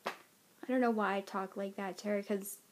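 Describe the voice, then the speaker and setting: A woman's voice: mid-range voice, fairly even intonation, moderate pace, a little hiss or hum. A woman with a childlike-sounding voice, chatting casually in a rambling way in a pet vlog at home, now and then scolding her pets. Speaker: pet owner vlogger.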